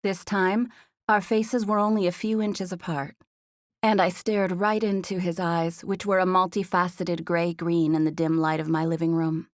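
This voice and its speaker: Low-voiced woman narrating an audiobook. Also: level tone, moderate pace, no room sound, clean studio sound. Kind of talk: scripted first-person narration.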